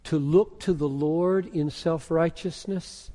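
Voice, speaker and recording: A pastor preaching a sermon, moving from quiet musing into loud, intense emphasis. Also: male voice, on the high side, slow. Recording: echoey hall with long reverb.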